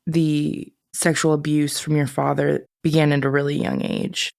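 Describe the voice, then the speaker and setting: Low, flat-voiced woman interviewer. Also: moderate pace, creaky, no room sound, clean studio sound. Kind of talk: interview questions.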